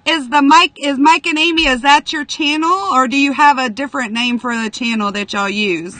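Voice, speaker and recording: A woman on a husband-and-wife trucking team, a guest on a livestream chat, chirpy and quick to laugh. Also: sits high, pushed and bright, a little hiss or hum.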